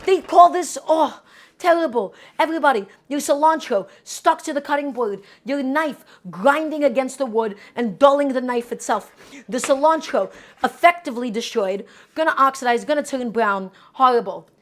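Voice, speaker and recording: A woman's voice: sits high, lively intonation, moderate pace. A woman hosting a live cooking show from a home kitchen. She gives emphatic instructions, repeats key steps and speaks straight to her viewers.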